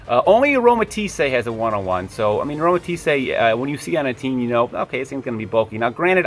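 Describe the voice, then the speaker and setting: A man's voice: mid-range voice, a bit bright. A man talks casually to camera in a mid-range voice. He rambles and drifts into tangents. He stops to correct himself and swears now and then without much weight. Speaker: video creator.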